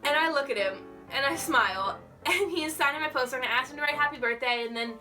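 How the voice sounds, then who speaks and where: Bright-voiced gushing young woman. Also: sits high, fast, far from the mic, soft background music. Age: young adult. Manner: gushing, excitable, heavy use of "like". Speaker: vlogger. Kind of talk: casual storytelling.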